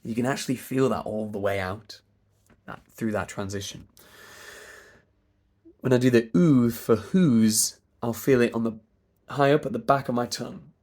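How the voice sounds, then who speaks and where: A man with a British RP accent and a stuffy nose, coaching pronunciation by stretching vowel sounds very slowly. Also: mid-range voice, fairly even intonation, darkish tone. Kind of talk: slow demonstration of vowel sounds.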